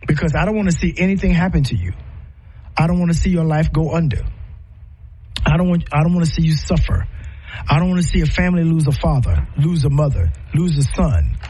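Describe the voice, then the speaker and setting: A man's voice: a little high, lively intonation, fairly quick, warm tone, husky. A man preaching a sermon in an earnest, repetitive style, speaking directly to his listeners.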